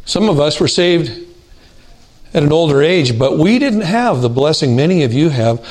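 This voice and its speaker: A man preaching a sermon to his congregation, earnest and deliberate, slowing down to stress key words. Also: on the high side, animated, darkish tone. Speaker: pastor.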